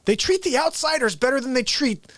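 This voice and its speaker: A man's voice: very high-pitched, expressive, fairly quick, a bit bright, no echo, studio quality. Exasperated ranting male host. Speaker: live show host. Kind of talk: satirical comedy rant.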